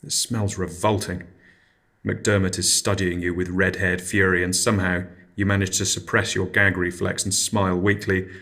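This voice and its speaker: A man's voice: low voice, little pitch movement, normal speed, sharp tone. A man hosting an absurdist comedy podcast, narrating in a mild, hesitant, dry way. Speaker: podcast host.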